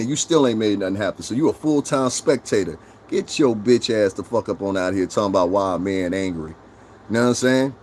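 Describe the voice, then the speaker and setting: A man's voice: medium pitch, slight background noise. Combative, foul-mouthed middle-aged male streamer. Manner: confrontational, mocking, swears constantly. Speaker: livestream host. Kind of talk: profane live-stream rant answering chat.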